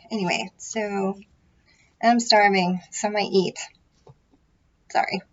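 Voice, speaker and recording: A woman's voice: fairly low pitch, husky, highs cut off. A woman chatting casually to camera about her tarot readings, rambling and self-deprecating, full of fillers and restarts. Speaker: tarot vlogger. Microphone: built-in microphone array.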